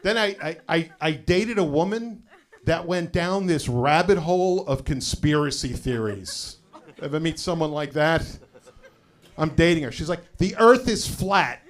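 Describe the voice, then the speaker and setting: Onstage for a live stand-up set, this middle-aged man tells stories in a relaxed, chatty way, landing deadpan punchlines and scattering "you know" asides throughout. His pitch is fairly high and his pace measured.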